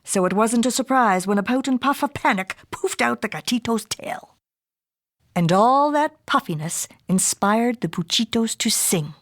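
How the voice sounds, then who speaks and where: A woman author reading her own picture book aloud to children in a playful, expressive way. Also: a little high, normal speed. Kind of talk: storybook read-aloud.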